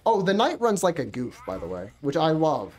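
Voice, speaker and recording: A woman streamer gives running commentary on her game, swearing and thinking aloud as she plays. Her voice sits low but swings widely in pitch. She sounds animated throughout. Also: moderate pace, noisy background. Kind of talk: gaming livestream commentary.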